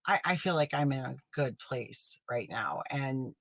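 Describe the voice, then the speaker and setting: A petty, vindictive woman streamer voiced by a man lectures her viewers with self-righteous contempt. She talks at a middle pitch, and the take is dry and close. Now and then she drops into a sharp, hissing whisper. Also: lively intonation, measured pace, creaky, dry recording, low-quality recording. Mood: breezy. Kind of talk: comedic sketch monologue.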